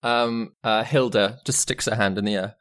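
A woman's voice: a bass voice, steady tone, normal speed. A woman narrating as game master, giggly and rambling.

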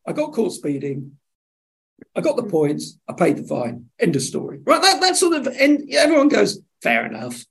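A man, a television executive, telling lively anecdotes in an interview and acting out the dialogue. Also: sits high, gravelly. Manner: animated storyteller acting out dialogue. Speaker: television executive, podcast guest.

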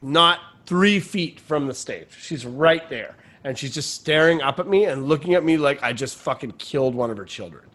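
Male stand-up comic hosting a podcast; lightly raised pitch, loose animated storytelling. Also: moderate pace, few pauses. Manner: rambling, animated anecdote-telling. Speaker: stand-up comedian and podcast host. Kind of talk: casual chat storytelling.

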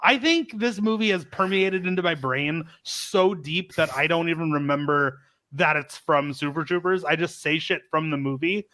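A man's voice: on the high side, normal speed, sharp tone. A man guest on a podcast, chatting casually, laughing easily and echoing the host's lines. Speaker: podcast guest, wrestling promoter. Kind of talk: casual chat.

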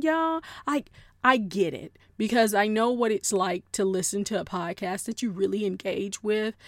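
A woman's voice: fairly high pitch, vocal fry, no room sound. Woman, podcast host, casual monologue, playful, slangy, dry booth sound. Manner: animated and playful, slangy, talks straight to listeners.

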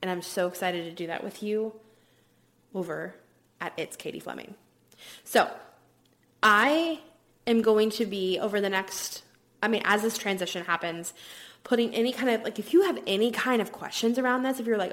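A woman's voice: mid-range voice, moderate pace, pauses often, fairly bright tone. A woman hosting her own podcast, talking casually and upbeat, with lots of "like" fillers and the odd drop into a whisper. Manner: chatty, upbeat, many "like" fillers, drops into whispers at times. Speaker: podcast host. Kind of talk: casual solo podcast talk.

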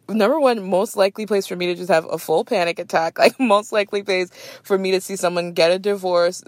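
A woman's voice: fairly low pitch, no echo. A young adult woman hosting a podcast in a casual, chatty way, laughing often and saying "like" a lot. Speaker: podcast host. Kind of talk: casual chat.

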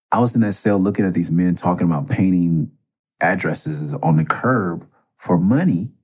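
Podcast host, middle-aged man, deep and husky, rambling and cursing through a story. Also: normal speed, darkish tone. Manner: profane, rambling, conversational. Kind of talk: casual storytelling.

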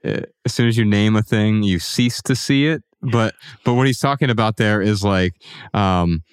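Low-voiced man musing haltingly. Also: clean tone, dry recording, studio quality. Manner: halting, restarts thoughts with fillers. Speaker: podcast co-host. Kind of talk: casual podcast conversation.

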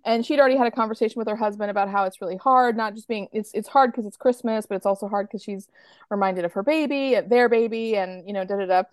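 A woman's voice: mid-range voice, fast talker, no room sound, clean studio sound. An American woman co-hosting a podcast, retelling TV scenes in a chatty, rambling way full of "like" and playful quotes. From United States. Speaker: podcast co-host. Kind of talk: casual chat.

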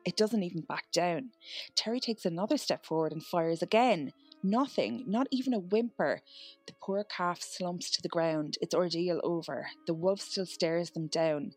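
A woman, co-hosting a podcast, reading out a dramatic story and breaking into swearing banter. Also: lowish voice. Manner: dramatic narration, swears freely. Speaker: podcast co-host. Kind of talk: true-crime storytelling chat.

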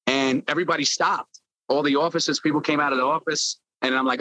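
A man's voice: a little high, fairly even intonation, a little fast, pushed and bright, slight background noise, rough recording. A man in an interview, a former label intern telling stories animatedly and acting out quotes. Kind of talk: storytelling interview.

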